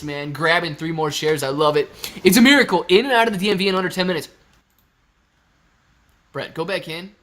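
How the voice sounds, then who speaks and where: Bright-voiced young man hosting a stream. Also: fairly high pitch. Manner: joking, reads viewer chat aloud. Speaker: livestream host. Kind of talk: casual live stream chat.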